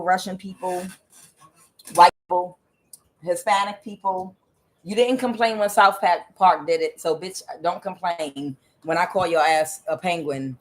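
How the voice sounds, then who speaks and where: A tarot card reader giving a casual, rambling reading, with many fillers and blunt asides. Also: medium pitch.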